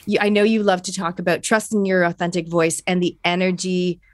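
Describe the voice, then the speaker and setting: A woman's voice: lowish voice, steady tone, fairly quick, no echo, clean studio sound. Chatty woman podcast host. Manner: chatty, enthusiastic, reflective. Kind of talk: casual podcast interview.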